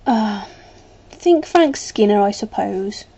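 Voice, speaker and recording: A woman's voice: mid-range voice, animated, slow pace, warm tone, slightly rough. Rambling British woman on a dull webcam. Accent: British English. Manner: rambling, chatty, lots of ums. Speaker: vlogger. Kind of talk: casual chat to camera.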